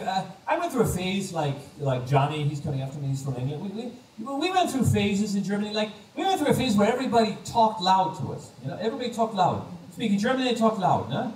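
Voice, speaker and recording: An American man performing a stand-up comedy set, telling animated stories and acting out the people in them on a live stage. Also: sits high, fast, a little hiss or hum. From United States. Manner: animated storytelling, acting out quoted voices. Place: comedy stage before a laughing audience. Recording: roomy live stage sound, distant, faint ambience.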